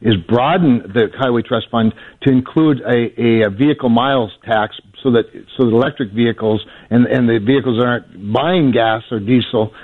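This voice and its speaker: A male senator answering questions on a radio call-in show, measured and explanatory, restarting his words often. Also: mid-range voice. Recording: phone-line audio.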